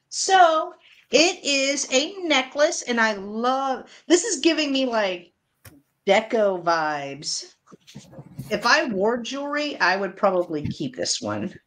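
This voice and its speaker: A woman's voice: sits high, animated, slow pace, a bit bright. A woman hosting a live online sale, chatting casually and counting down bids in an upbeat way. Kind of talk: live selling chat.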